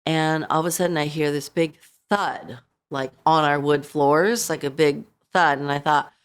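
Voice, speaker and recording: A middle-aged woman, a podcast guest, telling a painful personal story in a halting way, full of "you know" and re-enacted lines. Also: low-pitched, fairly even intonation, clean tone. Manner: halting, full of you-knows, re-enacting her own words.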